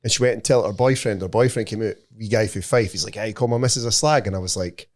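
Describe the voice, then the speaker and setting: A man's voice: fairly low pitch, fast talker. A man co-hosting a podcast who tells rowdy, sweary anecdotes in casual chat. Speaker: podcast co-host.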